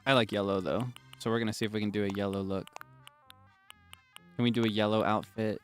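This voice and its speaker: A man streaming a game, chatting casually and rambling between sudden loud, high outbursts. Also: steady tone, brisk, faint music behind. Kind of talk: casual gameplay chat.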